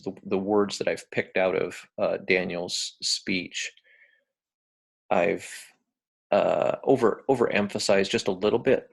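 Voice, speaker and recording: An American man giving a recorded lecture, talking in a relaxed, hesitant way with many ums and uhs. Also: sits low, creaky. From United States.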